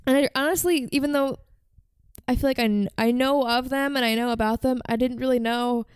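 Brief: woman podcast host, casual storyteller, a bit high and smooth, dry sound. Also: steady tone, brisk, dry recording. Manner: chatty, frequent "like" fillers.

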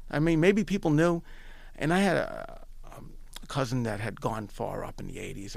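A man from Long Island telling his story in a casual, animated way, repeating phrases and often restarting. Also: mid-range voice, vocal fry, no echo. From Long Island, New York.

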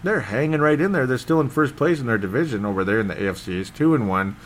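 Rambling excitable man recapping football. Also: mid-range voice, quick pace, slight background noise. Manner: rambling, excitable, loses his train of thought. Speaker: sports show host. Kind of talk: casual solo sports commentary.

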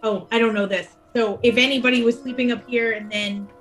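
A woman's voice: fairly high pitch, fairly even intonation, a little fast, fairly bright tone, faint music behind, poor audio. Woman player thinking aloud. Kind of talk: tabletop game play.

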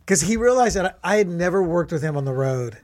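Guy with a high voice telling a road story, does all the voices of who said what, podcast chat. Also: fast. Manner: animated, acts out quoted lines. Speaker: comedian guest. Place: podcast studio.

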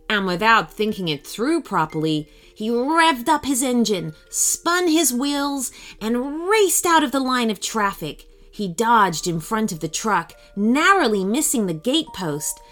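Woman reading a kids story slow and super expressive, fairly high voice. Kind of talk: children's story narration.

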